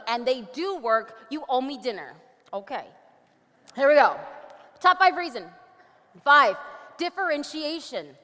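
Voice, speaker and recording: Woman, conference speaker, high voice, upbeat, jokey asides, long reverb in a big hall. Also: bright, forceful tone. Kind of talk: energetic conference presentation.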